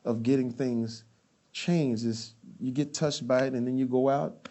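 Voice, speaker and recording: A man, a guest in a relaxed interview. He tells stories with energy, often restarting his sentences and slipping into scenes. His voice sits at a middle pitch. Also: a little slow. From Texas. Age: 50s. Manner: animated, acting out scenes, many restarts. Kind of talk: casual interview storytelling.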